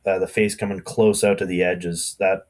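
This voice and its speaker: A Canadian man talks shop as a podcast guest in a lowish, unhurried voice. He rambles, circles back and leans on fillers in a loose, casual way. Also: level tone, darkish tone. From Alberta, Canada. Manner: rambling, easygoing, lots of fillers. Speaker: guest blacksmith.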